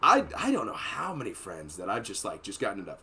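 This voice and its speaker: A man's voice: lowish voice, wildly swooping pitch, quick pace, sharp tone. A man hosting a podcast, telling long profane stories in a rambling, casual way and laughing between them. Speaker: podcast host. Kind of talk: casual storytelling chat.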